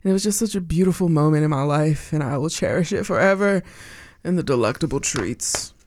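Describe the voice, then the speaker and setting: A woman from Pennsylvania hosting a radio music show, chatty and bubbly, her pitch and pace jumping around as she talks. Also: fast talker, a little mellow, dry recording. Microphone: studio mic. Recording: dry studio sound.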